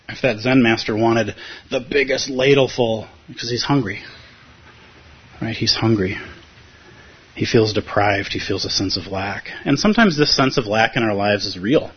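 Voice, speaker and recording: Brief: male Zen teacher, husky, dull lo-fi room recording, casual talk to a group. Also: medium pitch. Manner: conversational, playful, acts out inner voices. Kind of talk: dharma talk. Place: meditation hall with a live audience.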